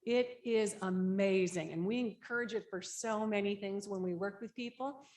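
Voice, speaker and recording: A woman with a medium-pitched, somewhat mellow voice leads a grief support workshop at a conference, speaking at a normal speed. She lays out the steps plainly and conversationally, frequently adding "right?" to check in, all from a conference room.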